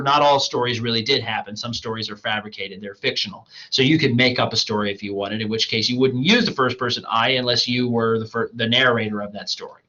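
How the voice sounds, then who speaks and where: Male instructor, online lecture, casual "you guys" delivery, bright timbre, slightly hoarse, lo-fi capture. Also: medium pitch. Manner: casual, addresses students as "you guys", fillers "um", "right?". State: losing his voice. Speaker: college writing instructor.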